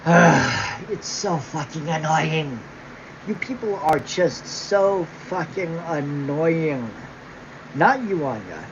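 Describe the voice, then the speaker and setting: A woman's voice: deep voice, expressive, slow, background noise. A woman hosting a livestream, ranting angrily at her viewers, mocking them with sarcasm and constant swearing. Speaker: livestream host. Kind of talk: profane livestream rant. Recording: dull lo-fi stream audio.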